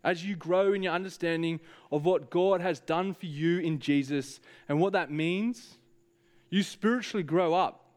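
A man's voice: on the high side, moderate pace. A man preaching a sermon, speaking earnestly and directly to the congregation with frequent hesitations.

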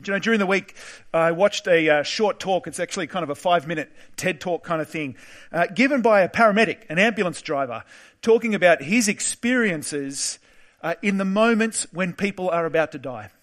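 A man preaching a sermon in a relaxed, conversational storytelling way, with occasional filler words. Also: sits high, brisk.

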